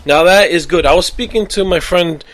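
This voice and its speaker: A man's voice: sits high, normal speed, fairly bright tone. Rambling man hosting a sports podcast. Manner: rambling, self-correcting, swears when worked up. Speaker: podcast host. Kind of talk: casual solo sports talk.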